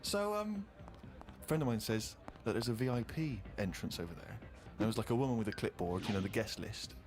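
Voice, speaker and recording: A man's voice: lowish voice, expressive, brisk, a little mellow, soft background music. A man on a comedy podcast, telling a rambling, self-deprecating story with growing exasperation. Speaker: co-host. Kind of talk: comic anecdote in casual chat.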